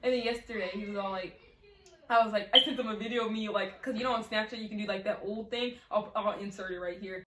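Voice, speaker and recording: A woman's voice: mid-range voice, fairly even intonation, quick pace, fairly bright tone. A young woman telling a rambling, giggly story to the camera in casual chat. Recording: echoey room, faint noise.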